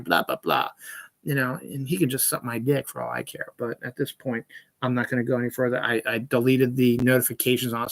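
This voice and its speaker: A man's voice: medium pitch, fairly bright tone. A man talking on his solo podcast in an ordinary mid-range voice. He rants bluntly and swears freely, in a loose, conversational way. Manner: blunt and profane, ranting. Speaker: podcast host. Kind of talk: casual solo podcast rant.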